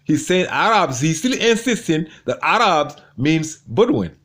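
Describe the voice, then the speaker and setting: A man's voice: fairly high pitch, sing-song, a little slow, fairly bright tone. A man commenting on a debate, gloating and mocking his opponent with much repetition. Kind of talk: commentary over debate clips.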